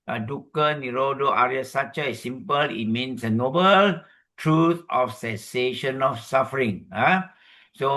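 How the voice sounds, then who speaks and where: Bright-voiced Malaysian man teaching Dharma. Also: medium pitch. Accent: Malaysian English. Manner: explanatory, checking in with "okay?" and "huh?"; slow measured chanting of Pali verses. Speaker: Dhamma speaker. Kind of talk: Buddhist teaching talk with Pali recitation.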